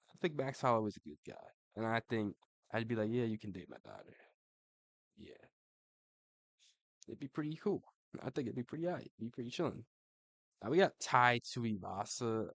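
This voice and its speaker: A man's voice: medium pitch, no room sound. A young adult man giving casual ranking commentary, slangy and profane, saying "bro" after nearly every line. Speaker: MMA commentator.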